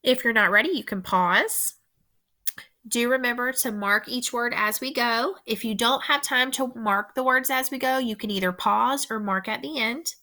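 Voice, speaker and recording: A woman teacher slowly dictating a spelling test to young students, repeating each word with careful, deliberate instructions. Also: on the high side, bright, forceful tone.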